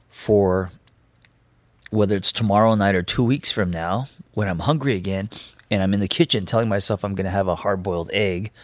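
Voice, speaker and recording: A man's voice: fairly low pitch, no room sound. A man in his thirties hosting a podcast, talking candidly and reflectively in a loose, rambling way with frequent ums. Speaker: podcast host. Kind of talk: casual personal monologue.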